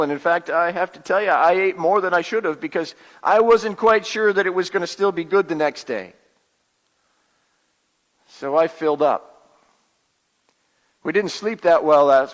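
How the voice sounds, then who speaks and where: A plainspoken Israelite father, played by a male pastor, confiding his doubts in a high, light voice. His words ring out with a long reverb, as from a church hall. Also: lightly acted. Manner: storytelling, confiding, halting repeats. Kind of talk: first-person dramatic monologue.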